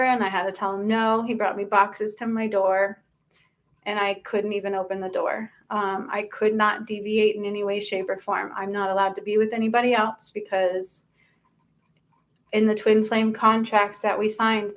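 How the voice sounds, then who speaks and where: A woman speaking as a spiritual channel host. She gives an earnest, confessional personal testimony and often stops and restarts mid-sentence. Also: mid-range voice. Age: adult.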